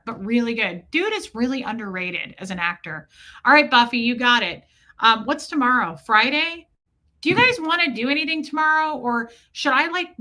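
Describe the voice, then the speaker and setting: Woman streaming live, chatty and bright, kinda high voice, reads off chat names as she goes. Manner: chatty, reads viewer names and comments aloud. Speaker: livestream host. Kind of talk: casual livestream chat. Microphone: streaming setup mic.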